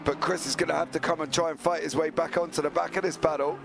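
A hoarse man co-commentating a live sim race, rambling into jokey comic tangents with a croaky voice. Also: fairly high pitch, little pitch movement, quick pace, over music.

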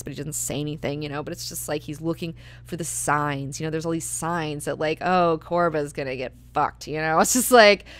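A woman's voice: fairly low pitch, dry recording. Chatty young woman hosting a book club. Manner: chatty, lots of "like" and "you know". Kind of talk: casual book discussion.

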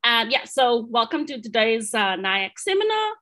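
A South African astronomer, speaking with a South African accent from her home or office in Amsterdam, delivers an online seminar in a fairly high, sing-song voice that sounds pushed and bright. She keeps a moderate pace and an upbeat, friendly manner, frequently using ums and starting over.

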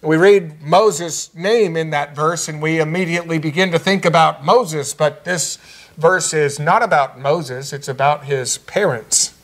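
Higher-voiced man preaching a sermon. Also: a little slow, a bit bright. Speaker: pastor. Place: church sanctuary.

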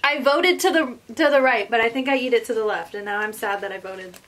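A woman's voice: on the high side, a little fast, a bit bright. A young woman, a guest friend, chatting casually and giggling while she eats. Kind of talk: casual chat while eating.

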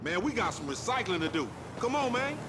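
An actor playing a wisecracking young male street hustler in a video game, talking in loud joking street slang. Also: sits high, sing-song, brisk, background noise. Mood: jokey. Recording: loud game sound effects behind.

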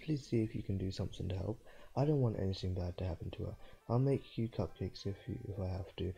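A man's voice: deep voice, fast talker, vocal fry, warm tone, slightly rough, heavily acted. A man reading the lines of an anxious cheerful schoolgirl's worried note in an earnest, pleading way. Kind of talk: let's play voice reading.

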